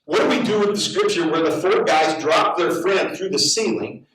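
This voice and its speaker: A middle-aged man preaches, animated and story-driven, stumbling over repeated words as he builds up. His voice sits fairly high for a man. It comes from well off the microphone in a very echoey church hall. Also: normal speed, far from the mic, slight background noise. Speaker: pastor. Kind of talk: sermon with storytelling. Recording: very echoey hall, heard from afar.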